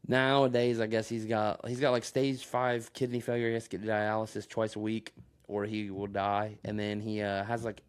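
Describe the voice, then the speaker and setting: A man's voice: fairly low pitch, level tone, moderate pace, smooth. A man recorded on a phone, rambling through a crude story in casual podcast chat and laughing often. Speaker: podcast co-host.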